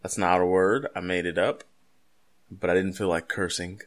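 A man's voice: sits low, steady tone, normal speed. A man co-hosting a podcast, talking casually and rambling into jokes and pop-culture asides. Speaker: podcast co-host. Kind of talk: casual chat.

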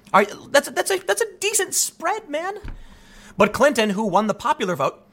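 A man's voice: high-pitched, fairly bright tone. A man hosting a political commentary show, ranting in an exasperated, sarcastic way.

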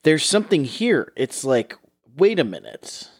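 A man's voice: a little high, sing-song, measured pace, no room sound, clean studio sound. A man co-hosting a casual book podcast, thoughtfully pointing out details of the plot. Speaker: podcast co-host. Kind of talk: casual book-club chat.

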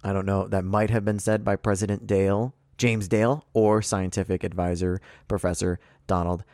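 Gravelly low-voiced man teasing his co-host. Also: flat delivery, darkish tone, no room sound, clean studio sound. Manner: teasing, profane, reads clues slowly. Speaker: podcast co-host running a movie quiz. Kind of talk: casual banter.

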